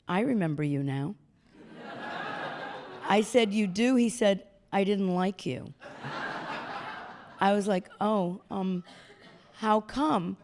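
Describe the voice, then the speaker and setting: Older lady on stage spinning stories, lowish voice, bounces into other people's voices. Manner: animated storyteller acting out quoted voices. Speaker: guest speaker. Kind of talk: storytelling talk. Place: stage talk before an audience.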